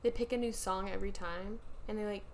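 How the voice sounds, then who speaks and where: A woman's voice: medium pitch, fairly even intonation, fast talker, slight background noise. A young woman co-hosting a podcast, talking in a chatty casual way full of "like" fillers. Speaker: podcast co-host. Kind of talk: casual chat.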